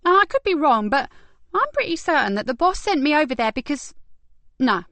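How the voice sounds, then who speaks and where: An earnest, warm-hearted young female detective, voiced by a woman reading an audiobook. She talks briskly and animatedly in a raised voice. The recording is dry and close. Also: high-pitched, sing-song, dry recording, voice pushed up, heavily acted.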